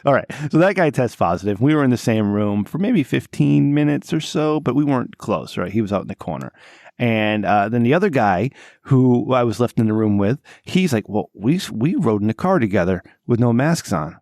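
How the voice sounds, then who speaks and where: A man co-hosting a podcast, telling a long story in casual chat, swearing freely and jumping to a high, exasperated voice when he quotes himself. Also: vocal fry, no room sound, clean studio sound. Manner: animated, profane, voice jumps high when exasperated. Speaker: podcast co-host.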